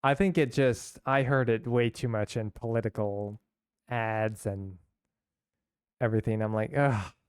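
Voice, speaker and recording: A man's voice: lowish voice, steady tone, unhurried, darkish tone, clear, resonant tone, dry recording, clean studio sound. Chatty young man streaming a game. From San Francisco, US. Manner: chatty, rambling, reacts to chat with laughs. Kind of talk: casual live-stream chat while playing.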